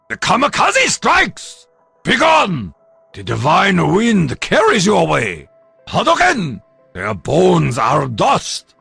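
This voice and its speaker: A solemn, honor-bound warrior. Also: male voice, fairly high pitch, creaky, fairly bright tone, husky, dry recording, exaggerated voice. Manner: grave, formal declarations. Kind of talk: video game voice lines.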